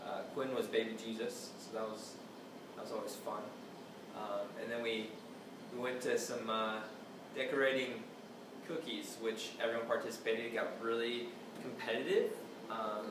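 A young man recalling a fond memory to the camera in an easygoing, rambling way. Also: lowish voice. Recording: echoey room, distant mic, noisy.

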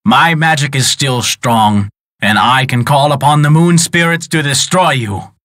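A man's voice: mid-range voice, measured pace, fairly bright tone, no room sound, studio quality, lightly acted. A man voicing a wicked male wizard in a folk tale, snarling and roaring threats.

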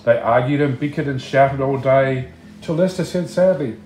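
A man reading a picture book aloud, slow and expressive, chatting to the listener between pages. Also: medium pitch, roomy sound, soft background music. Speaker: storybook reader.

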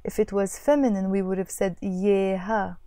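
A woman teaching a language lesson, patiently explaining and repeating phrases slowly. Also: mid-range voice, little pitch movement, warm tone, no echo, studio quality.

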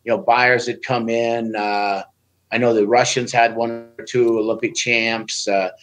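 A man's voice: mid-range voice, measured pace, low-quality recording. A man, a former Olympic wrestler guest on a podcast, telling stories casually and acting out what people said in a raised voice. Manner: animated, acts out quoted speech in a raised voice.

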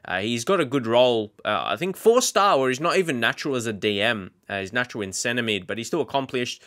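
Bright-voiced man commentating his own game. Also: mid-range voice, quick pace. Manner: chatty, filler-heavy, excitable at goals. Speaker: gaming YouTuber. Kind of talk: casual Let's Play commentary.

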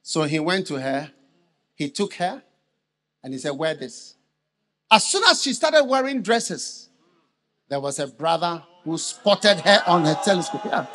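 An older man preaching a live sermon in a large church, asking the congregation questions for them to answer and bursting into shouted emphasis. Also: a little high, very animated, unhurried, pauses often. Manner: call-and-response questions to the congregation. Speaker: bishop preaching.

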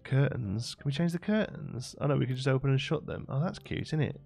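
Gravelly-voiced man streaming late at night. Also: medium pitch, expressive, fairly quick, darkish tone, faint music behind. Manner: chatty, thinks aloud, laughs often. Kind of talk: late-night live game stream chatting with viewers.

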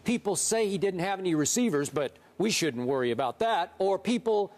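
A man arguing his point as a sports debate show host, growing emphatic and rising in pitch as he presses it. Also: expressive, fairly quick, a little mellow. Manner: emphatic, rises in pitch when worked up.

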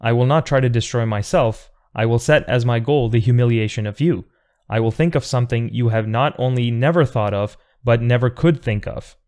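A thoughtful, defiant man arguing against eternity, read by a man in an audiobook. He talks earnestly and precisely, pressing each point at an average pitch. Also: brisk, darkish tone, natural voice. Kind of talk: audiobook reading.

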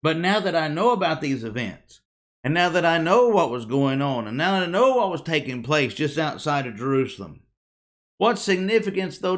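Slow, deliberate man preaching a sermon. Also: a little high. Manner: emphatic, with dramatic pauses and falling endings; rhetorical questions to the congregation.

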